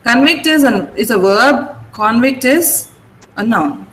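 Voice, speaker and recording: A woman teaching an online English vocabulary class, repeating words slowly and asking her pupils how to pronounce them. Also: on the high side, animated, slight background noise, low-quality recording.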